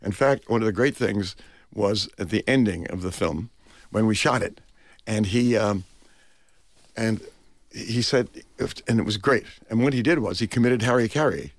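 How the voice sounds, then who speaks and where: An older man, a film director, is a radio guest telling rambling, animated stories full of restarts, into a close studio mic. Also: fairly low pitch, normal speed, no room sound. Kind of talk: anecdotal storytelling interview.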